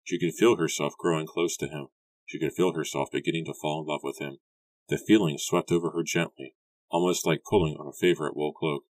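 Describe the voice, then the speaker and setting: A man narrates an audiobook in a calm, measured way. His voice is strikingly deep, and the recording is dry and close with no room sound. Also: no echo. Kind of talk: scripted narration.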